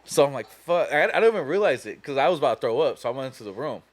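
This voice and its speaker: A man's voice: mid-range voice, very animated, rapid-fire. A young man hosting a podcast, telling a long story casually, profane and laughing as he goes. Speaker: podcast host.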